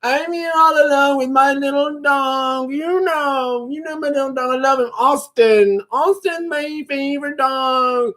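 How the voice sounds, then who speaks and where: A man's voice: very high voice, unhurried, hardly any pauses, sharp tone, voice pushed up, heavily acted. A man doing a naggy, whining impression of a lonely woman who begs for visits and dotes on her little dog.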